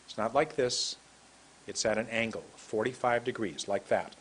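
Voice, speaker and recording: A man from San Francisco teaching English pronunciation, repeating words slowly and deliberately. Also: on the low side, fairly bright tone, breathy edge. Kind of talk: slow demonstrative lesson.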